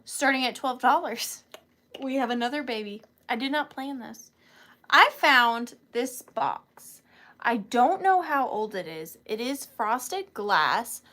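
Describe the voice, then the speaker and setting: A woman's voice: a little high, expressive, slow, pushed and bright. A woman hosting a live online sale of vintage items, chatting casually and gushing over each piece. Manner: chatty and gushing, calls items little cuties.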